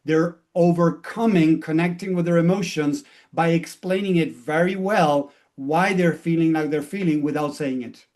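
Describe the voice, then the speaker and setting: A man with a somewhat high-pitched voice gives a motivational talk as a mindset coach. He explains things patiently and step by step. He keeps slipping into quoted back-and-forth from his client sessions. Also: normal speed, hardly any pauses, darkish tone.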